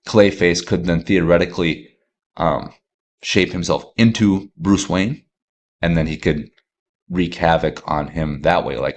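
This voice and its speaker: A man hosting a podcast, talking casually and enthusiastically with lots of fillers and restarts. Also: low-pitched. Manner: rambling, filler-heavy, enthusiastic. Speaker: podcast host.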